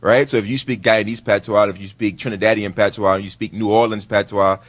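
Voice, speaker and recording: Low-voiced man, author on a panel, lively casual delivery, dry sound. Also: a little fast, no echo. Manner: animated, conversational, many "right?" tags.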